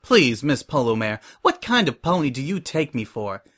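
A man's voice: on the high side, animated, normal speed, fairly bright tone. A man voicing a professional female pony who runs a fashion show, formal and indifferent.

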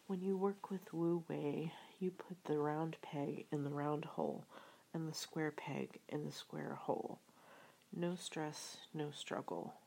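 A woman reading an audiobook in a soft, half-whispered way. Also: sits low, steady tone, takes it slowly, creaky, slight background noise, poor audio. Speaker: audiobook reader. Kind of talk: audiobook narration.

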